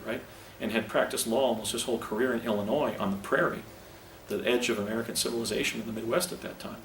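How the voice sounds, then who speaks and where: A man giving a public lecture in an earnest, halting way, often restarting his sentences. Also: mid-range voice, fairly bright tone, slight background noise. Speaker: presenter. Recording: roomy, distant lecture recording with faint ambience.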